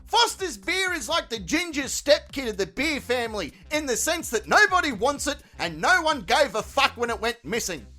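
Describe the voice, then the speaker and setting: A man's voice: very high-pitched, very animated, moderate pace, hardly any pauses, sharp tone, faint music behind. An Australian man hosting a comedic commentary show, crude and mocking, swearing constantly. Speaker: commentary channel host.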